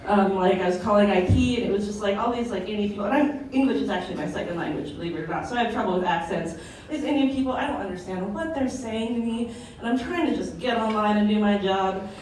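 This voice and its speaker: A woman's voice: medium pitch, fast talker, darkish tone, slight background noise. A young adult woman doing a stand-up set at an open mic, chatty and crude, with lots of "like" fillers. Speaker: stand-up comedian. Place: comedy club stage, indoors. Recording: echoey room, mic far off.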